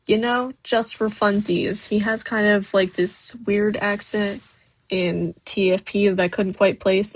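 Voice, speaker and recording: A woman hosts a casual livestream, reading viewers' messages aloud and answering each one as it comes in. Her voice has a gravelly edge and a husky grain. She talks loosely, with plenty of fillers and restarts. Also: mid-range voice. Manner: reads chat messages aloud and answers them. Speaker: stop-motion creator hosting a livestream.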